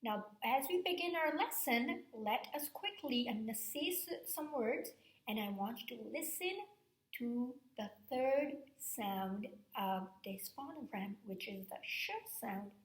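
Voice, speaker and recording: A woman's voice: fairly high pitch, lively intonation. A woman teacher giving a recorded reading lesson to fourth graders, explaining step by step and checking in with "okay?". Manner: slow, patient, explaining step by step with frequent "okay?". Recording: echoey room sound.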